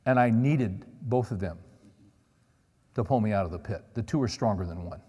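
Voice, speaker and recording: A man's voice: lowish voice, moderate pace, warm tone, slightly rough. Man preaching in an echoing hall. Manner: storytelling, conversational with audience check-ins. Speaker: pastor. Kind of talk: sermon. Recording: long reverb of a large hall.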